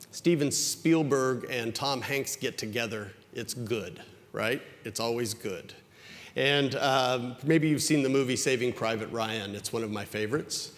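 A male pastor giving a conversational sermon that climbs higher in pitch when he stresses a point. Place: church sanctuary. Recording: church hall with long reverb.

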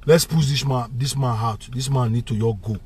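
A man's voice: mid-range voice, steady tone, normal speed, a little mellow, slightly rough. A man with a Nigerian Pidgin English accent delivering a heated, repetitive political rant, switching between Pidgin and English. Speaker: vlogger.

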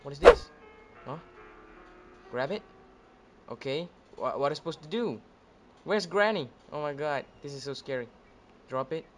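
Man, let's-play commentary, jumpy, excitable, fairly high voice, game music behind. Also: normal speed, pauses often. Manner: jumpy and excitable, yelps when scared. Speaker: gaming video host.

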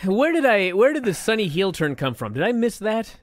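A man co-hosting a podcast, talking in an animated, exasperated way and laughing as he swears. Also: high-pitched, a little fast, no echo, clean studio sound. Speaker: podcast co-host. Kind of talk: casual chat reviewing old wrestling.

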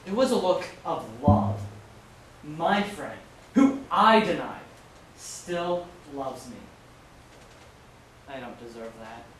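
Male actor as a remorseful apostle, high voice, distant echoey school hall with hiss. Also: animated, slow pace, long pauses. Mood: broken. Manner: anguished, self-questioning. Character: remorseful male apostle, a friend who denied his master. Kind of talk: stage play monologue.

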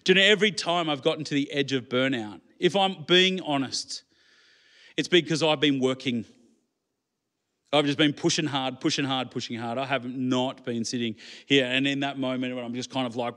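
A man's voice: medium pitch, a little fast, fairly bright tone. A man preaching a sermon in church, conversational and full of rhetorical questions to the congregation. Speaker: pastor.

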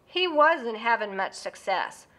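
Bright, lively storybook narrator woman. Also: a little high, slow.

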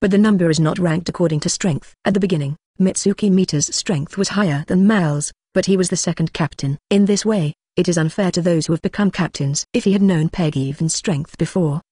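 A synthetic-sounding narrator reading a translated fantasy novel in a steady, even manner without fillers. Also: mid-range voice, no echo, clean studio sound. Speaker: audiobook narrator.

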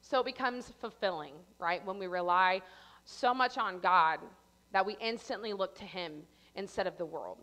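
Woman telling a lively sermon story. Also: mid-range voice, moderate pace. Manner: animated storytelling, acts out her own panicked voice. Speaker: church speaker.

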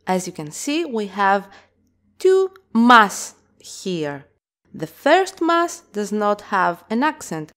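A woman teaching a language lesson, explaining slowly and carefully, with example words sounded out clearly. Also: mid-range voice, sing-song, a bit bright.

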